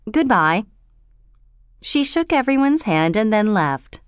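A woman narrating a storybook in an expressive, steady reading voice. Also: mid-range voice, normal speed, clear, resonant tone, no room sound, studio quality.

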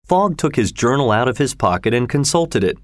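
A man reading a classic adventure story aloud in steady storybook narration. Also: mid-range voice, a little fast, no echo, clean studio sound.

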